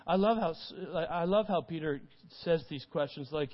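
A pastor preaches a conversational sermon, retelling scripture informally in his own words. His voice is on the high side at a moderate pace, and the dull recording carries long hall reverb.

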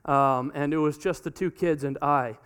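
A man in his thirties preaches a sermon to a congregation with a notably high voice. His tone is smooth and clear, and he tells the story in an animated way, acting out the dialogue. He often repeats words as he restarts a sentence. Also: moderate pace. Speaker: pastor. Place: church hall before a congregation.

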